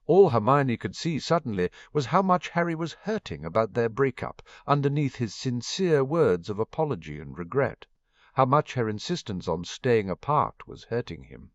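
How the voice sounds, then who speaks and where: A man reading fan fiction aloud as an audiobook narrator, expressive and giving every character a voice. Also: medium pitch, normal speed, dry recording. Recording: dull, muffled dry recording.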